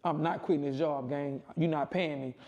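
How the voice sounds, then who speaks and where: A man casually telling a long personal story, rambling and repeating himself, with animated quoted voices. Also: normal speed, dull audio. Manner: rambling, repetitive, punctuates with "boom" and "right?". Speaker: storyteller in a played clip.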